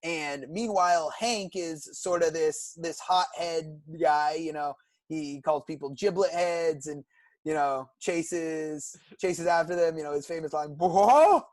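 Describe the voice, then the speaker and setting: With a fairly high, steady voice and a slightly slow pace, a young podcast co-host from California enthusiastically recounts cartoon plots at length during relaxed conversation. The recording has no echo.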